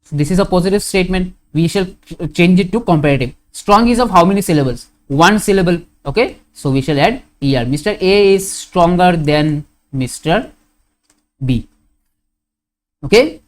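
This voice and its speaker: Indian English teacher, slow and repetitive. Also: male voice, high voice, animated. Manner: slow, repetitive, asks questions and answers them. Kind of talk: classroom grammar lesson.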